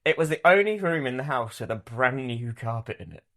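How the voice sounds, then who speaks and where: Young man, lively animated storyteller. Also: medium pitch, a little fast. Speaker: podcast host. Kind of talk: casual storytelling.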